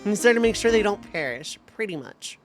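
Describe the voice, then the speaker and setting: A woman's voice: medium pitch, expressive, brisk, soft background music. A young adult woman streamer chatting casually while playing a video game, rambling with lots of restarts. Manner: rambling, filler-heavy, with repeated restarts. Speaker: let's play streamer. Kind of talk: casual chat over gameplay.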